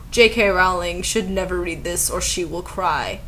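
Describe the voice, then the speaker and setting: A woman's voice: fairly low pitch, fairly bright tone, slight background noise. A young woman giving a comedic dramatic reading with sarcastic, incredulous commentary. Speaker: video commentator.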